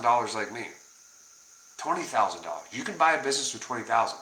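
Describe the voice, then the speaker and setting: Punchy, forceful-voiced man in an echoey room. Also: medium pitch, fast. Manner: energetic, rambling, coaching tone with many fillers. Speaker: personal finance vlogger. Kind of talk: casual direct-to-camera talk.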